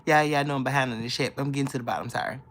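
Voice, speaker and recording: A woman's voice: extremely low pitch, steady tone, rapid-fire, a little hiss or hum. A woman in her thirties hosting a casual live stream from her bedroom, teasing her viewers playfully and laughing often as she reads their comments. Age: 30s. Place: bedroom, in bed.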